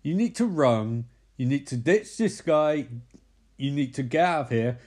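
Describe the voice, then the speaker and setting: Man doing an intense psychic, slow and emphatic. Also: mid-range voice, expressive, darkish tone. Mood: grave.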